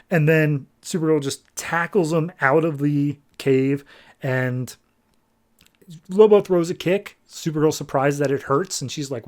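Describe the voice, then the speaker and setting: A man hosting a podcast, giving a casual, animated and wry recap of a comic book issue. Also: a little high. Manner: animated, wry, jumps into quick character voices. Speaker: podcast host reviewing comics.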